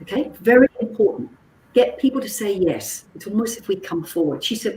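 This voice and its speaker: A woman and psychologist giving an animated workshop talk, checking in with her listeners and acting out conversations. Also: mid-range voice, a little fast, distant mic. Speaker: psychologist and communications trainer. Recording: roomy echo with faint background noise.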